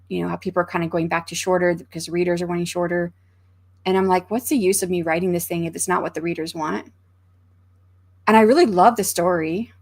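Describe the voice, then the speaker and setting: A low-voiced American woman hosts an author livestream from a room in her home. Chatty and rambling, she thinks aloud with lots of fillers and reads viewer comments aloud in casual chat.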